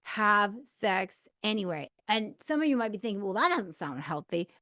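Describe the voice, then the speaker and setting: A woman's voice: medium pitch, very animated, moderate pace, pushed and bright. A woman in her thirties hosting a podcast, giving candid, chatty advice with lots of fillers. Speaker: podcast host. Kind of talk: casual advice monologue.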